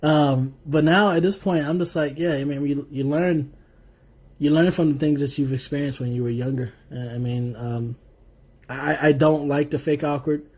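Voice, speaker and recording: A man's voice: fairly high pitch, steady tone, moderate pace, darkish tone. A man, co-hosting a podcast in casual, laid-back chat full of swearing and laughter. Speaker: podcast co-host.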